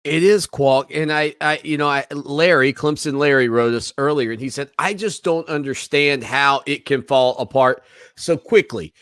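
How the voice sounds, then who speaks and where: A man's voice: medium pitch, moderate pace, a bit bright, clear, resonant tone, no echo. A man hosting a sports radio show, loose and folksy, rambling through his thoughts with a joking edge. His voice sits in a middle range. The sound is close and dry, right on a studio mic. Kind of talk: casual sports talk radio.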